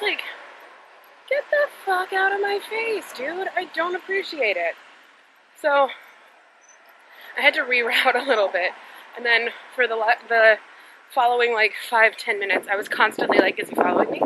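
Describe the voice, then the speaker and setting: A woman's voice: mid-range voice, bright, forceful tone, slight background noise, poor audio. A young woman chatting to her handheld camera while walking on residential streets, telling a frank, exasperated story in a casual vlog. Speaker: vlogger.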